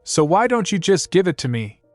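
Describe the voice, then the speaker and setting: A man's voice: high-pitched, sing-song, normal speed, dry recording, faint music behind, pitched above the performer's own voice. A man doing a cool, cutting young queen.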